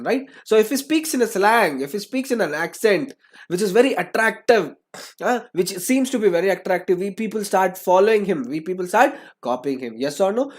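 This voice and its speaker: A young man gives an online lesson. He restates each point twice and tags "right?" or "yes or no?" onto his sentences to keep students engaged. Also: high-pitched. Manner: repeats phrases, keeps asking "right?" and "yes or no?". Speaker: English teacher. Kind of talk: online lecture.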